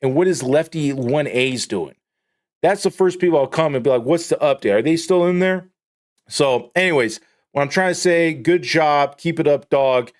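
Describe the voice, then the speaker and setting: Male streamer, slightly high voice, swears a lot and rambles off topic while joking with chat. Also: moderate pace. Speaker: live streamer. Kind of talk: casual live-stream chat.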